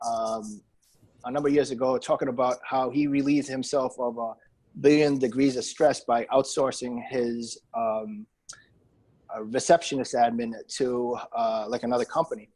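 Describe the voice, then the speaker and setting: A man's voice: mid-range voice, fairly even intonation, moderate pace, a little mellow, rough recording. A man with a New England accent, a business owner talking casually as a podcast guest, with lots of fillers and restarts. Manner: chatty, many fillers and restarts.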